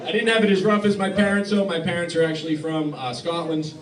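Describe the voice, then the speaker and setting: A man performing a deadpan stand-up set in a club, halting and restarting often, recorded by a phone in the crowd. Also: fairly high pitch, echoey room, far from the mic. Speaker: stand-up comedian. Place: club hall with live audience laughing.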